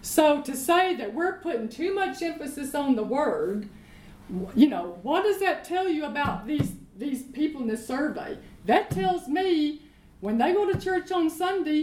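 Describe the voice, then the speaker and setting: A woman with a high voice teaches from the Bible in an echoey room with a faint hiss behind her. She speaks with emphasis, repeats her key lines and presses on with rhetorical questions. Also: lively intonation, unhurried, darkish tone. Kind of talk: teaching sermon in conversation.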